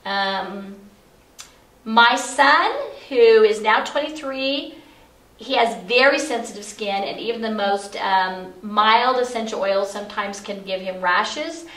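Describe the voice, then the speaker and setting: A woman's voice: mid-range voice, slow, bright, forceful tone. Middle-aged woman teaching, echoey room. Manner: chatty, explanatory, frequent fillers. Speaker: essential oils educator. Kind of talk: casual instructional talk. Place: office. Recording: echoey room, far from mic.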